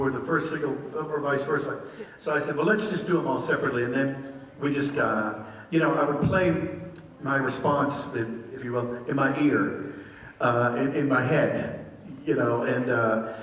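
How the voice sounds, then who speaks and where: An older man, a voice actor, telling stories and answering fan questions at a convention panel in an animated, laughing way. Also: mid-range voice, slight background noise. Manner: animated, laughing, jumps into quick character voices. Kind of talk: casual storytelling and Q&A. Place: large convention hall. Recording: echoey hall heard from far off.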